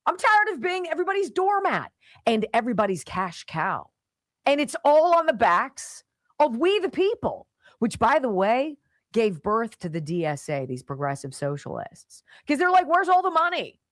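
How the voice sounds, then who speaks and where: A woman radio host talks in a lively, swooping voice that rises and falls sharply. Her delivery is emphatic and opinionated. The sound is close and dry. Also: fairly high pitch, moderate pace, no echo. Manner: animated and emphatic, mocking in mimicry. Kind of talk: opinionated talk radio monologue.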